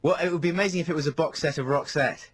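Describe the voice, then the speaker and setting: A man's voice: a little high, racing. A man with an English accent, co-hosting a radio show and telling anecdotes in casual banter in a studio.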